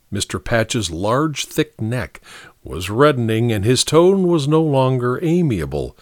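A man's voice: mid-range voice, very animated, unhurried, no echo, studio quality. A man narrating a mystery story as an audiobook, with a wry, theatrical delivery.

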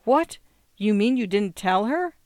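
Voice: mid-range voice, animated, a little slow, a little mellow, no room sound, studio quality, voice pushed up, lightly acted. A narrator voicing a nervous young farm woman who pleads and rambles, in an audiobook reading. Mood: anxious. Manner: earnest, anxious, rambling.

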